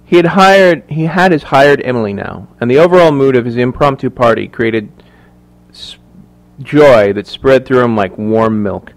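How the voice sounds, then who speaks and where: A man narrating a thriller audiobook in measured, even storytelling. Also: mid-range voice. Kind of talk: scripted narration.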